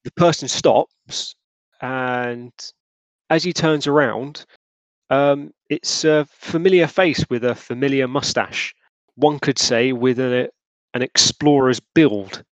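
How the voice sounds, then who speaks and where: A man narrating a tabletop role-playing game as game master, often pausing and restarting his sentences. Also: mid-range voice, dry recording. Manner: hesitant, lots of ums and restarts. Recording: dull lo-fi sound.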